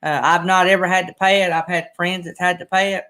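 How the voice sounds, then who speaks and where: A man's voice: high-pitched, level tone, a little fast, sharp tone, clean tone. A middle-aged man, hosting a casual livestream chat in a rambling, folksy, emotional way. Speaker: channel host.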